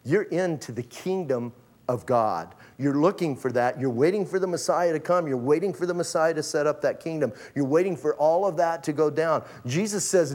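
A man's voice: fairly high pitch, normal speed, a little mellow. A pastor preaching a sermon in a casual, conversational way, acting out the people in his stories with slang. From Arizona.

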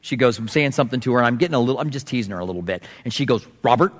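A middle-aged man preaching a sermon, telling stories and acting out voices with big swings in pitch. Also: animated, rapid-fire. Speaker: pastor. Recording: long hall reverb.

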